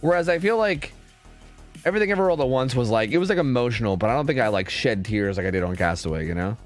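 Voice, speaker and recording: A man's voice: mid-range voice, animated, fast talker, faint music behind. A man chatting casually with his stream viewers, rambling and swearing a lot, full of fillers. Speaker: streamer and game caster.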